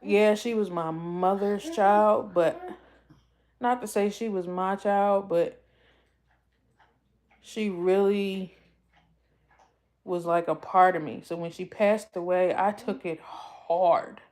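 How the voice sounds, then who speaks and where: A woman's voice: mid-range voice, steady tone, slow, long pauses, darkish tone. A young woman from the US East Coast, chatting on a livestream to her viewers in a heartfelt, rambling way and often repeating herself. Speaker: YouTube livestream host. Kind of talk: casual livestream chat.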